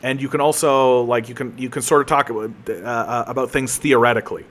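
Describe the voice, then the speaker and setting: A man's voice: mid-range voice, steady tone, brisk, fairly bright tone. A man chatting casually while he streams a game, rambling and joking at his own expense with plenty of restarts. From Canada. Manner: rambling, joking, self-mocking, many restarts.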